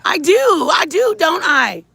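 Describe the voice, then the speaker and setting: A woman's voice: extremely high pitch, big pitch swings, takes it slowly, gravelly, sharp tone, no echo. A middle-aged woman hosting a casual livestream, rambling through a story and greeting viewers by name. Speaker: livestream host.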